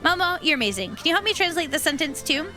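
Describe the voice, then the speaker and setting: A woman's voice: sits high, big pitch swings, fast talker, pushed and bright, soft background music, pitched above the performer's own voice, exaggerated voice. A woman reading a cheerful young heroine in a game, upbeat and plain. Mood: eager.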